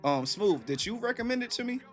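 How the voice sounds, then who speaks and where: A man's voice: very high voice, sing-song, fairly quick, faint music behind. A man from Virginia hosting a casual livestream, chatting with viewers in a laid-back, slangy way. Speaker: livestream host. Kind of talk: casual livestream chat reading comments.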